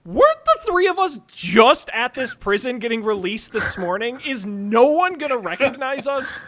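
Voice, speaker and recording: Brief: male player, high and very lively voice, bright tone, excitable. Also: moderate pace. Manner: excitable and animated. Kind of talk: casual game chat.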